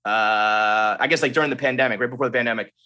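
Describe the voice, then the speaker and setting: A man's voice: mid-range voice, steady tone, fast, bright, forceful tone, clear, resonant tone. A man as a podcast guest in casual chat, telling rambling stories with plenty of swearing. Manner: profane, rambling storyteller.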